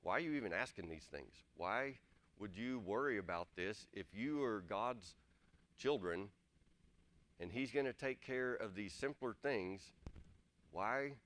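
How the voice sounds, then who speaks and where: A man's voice: on the low side, expressive, a little slow, fairly bright tone. A man giving an earnest, plain-spoken sermon and repeating his points to drive them home. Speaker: preacher. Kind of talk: conversational sermon.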